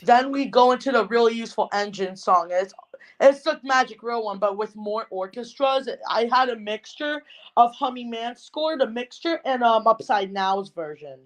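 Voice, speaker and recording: A woman co-hosting a casual fan podcast, excitable and rambling, full of fillers and restarts. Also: a little high, normal speed. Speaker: podcast co-host.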